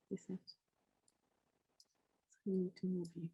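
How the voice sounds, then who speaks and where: A woman from Brazil talks in a chatty, friendly way. She is a soprano speaking on an online panel. Her voice sits at a middle pitch and comes over a video call. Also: fairly even intonation, moderate pace, highs cut off.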